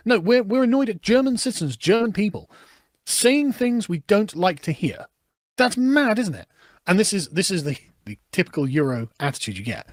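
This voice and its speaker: British male commentator, sarcastic, animated, high voice. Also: fairly quick, no echo, clean studio sound. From Britain. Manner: sarcastic, laughs while reading. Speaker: political commentator. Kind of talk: reading and reacting to news.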